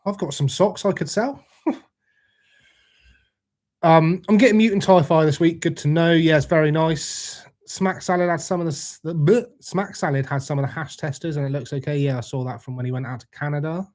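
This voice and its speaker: A man's voice: fairly high pitch, a little fast, a little mellow. A British man hosting a casual livestream, answering viewer comments with laid-back, jokey banter and frequent swearing. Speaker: livestream host. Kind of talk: casual live chat reading comments.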